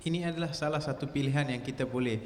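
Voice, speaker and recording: Fast-talking man interpreting in a hall. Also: medium pitch, slight background noise. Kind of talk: live interpretation of a lecture. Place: hall with an audience. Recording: echoey hall recording.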